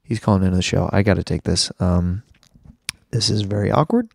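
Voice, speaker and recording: A man's voice: low-pitched, brisk, vocal fry, no room sound. A young man with laryngitis hosting a solo comedy podcast, rambling in a jokey, self-deprecating way. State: hoarse with laryngitis. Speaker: podcast host.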